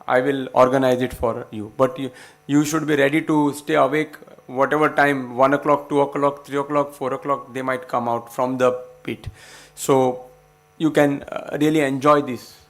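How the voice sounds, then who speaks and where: A middle-aged man with an Indian English accent gives a lecture to students as a guest researcher. He speaks in an impassioned, emphatic way, with quick bursts and many fillers. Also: medium pitch, flat delivery, creaky.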